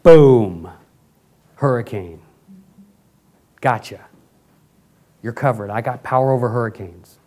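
A man voicing a boastful almighty God who shows off his power in a loud, blunt way during a sermon. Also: medium pitch, takes it slowly, long pauses, natural voice.

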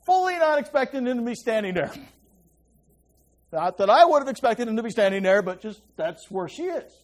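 A male preacher delivers an informal sermon. His pitch rises and falls in lively swings, and he keeps turning to his listeners to check they are following. When he reaches a key point, he sinks to a hushed voice. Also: a little fast. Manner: chatty, checks in with listeners often. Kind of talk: conversational Bible teaching.

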